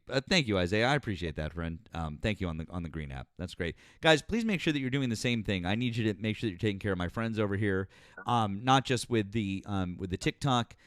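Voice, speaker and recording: Male stream host, low voice, dry close sound, loose and profane, lots of ums. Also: clean tone, dry recording. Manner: profane, thanks viewers with many ums and restarts. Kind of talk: casual live-stream chat.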